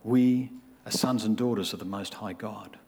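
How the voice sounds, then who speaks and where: A man's voice: on the low side, moderate pace, a little mellow, husky. A man, preaching a sermon in a conversational way and acting out the people he describes. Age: 50s. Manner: conversational, acts out quoted voices.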